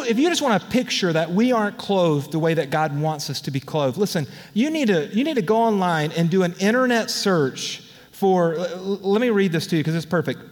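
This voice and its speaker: High-voiced pastor preaching in a reverberant hall. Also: male voice. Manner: conversational, candid preaching with lively asides. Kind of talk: sermon. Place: church auditorium. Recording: long reverb of a large hall.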